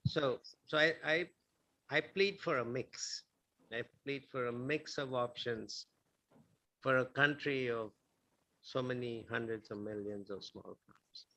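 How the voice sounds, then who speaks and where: A male guest lecturer answers a question smoothly and calmly. His voice is gravelly but bright and forward. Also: mid-range voice, poor audio. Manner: smooth and calm.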